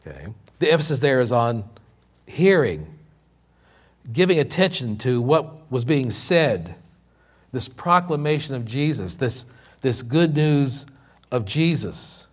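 A man's voice: medium pitch, sing-song. Preacher man repeating points for emphasis. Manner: repeats key lines for emphasis, with many slow, drawn-out words. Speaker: pastor. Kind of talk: sermon.

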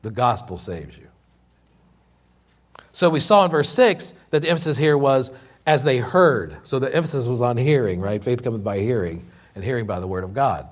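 A man preaching a sermon, stressing key points by repeating them, slowing down on important words, with some fillers and restarts. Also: medium pitch, animated. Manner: repeats key lines for emphasis, with many slow, drawn-out words. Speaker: pastor.

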